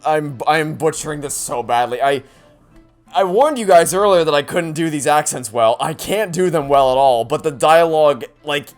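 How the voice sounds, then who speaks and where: A man giving casual let's play commentary, rambling, stammering and self-deprecating. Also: fairly high pitch.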